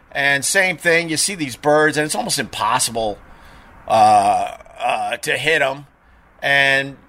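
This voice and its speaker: A middle-aged man hosting a live stream, telling rambling casual stories with lots of fillers and restarts. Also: mid-range voice. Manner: chatty, animated anecdotes with frequent fillers and restarts.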